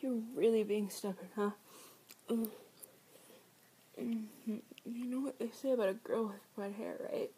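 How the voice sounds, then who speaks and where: A woman performing an adult audio role-play, teasing and sarcastic, often slipping into soft whispers. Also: a little high, measured pace, pauses often, a little hiss or hum.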